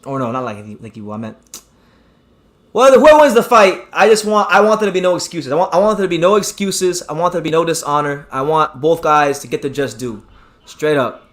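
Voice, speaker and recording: A man hosting a live boxing stream, talking excitably, repeating himself and reading out the chat. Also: on the high side, a little fast. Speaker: boxing channel host.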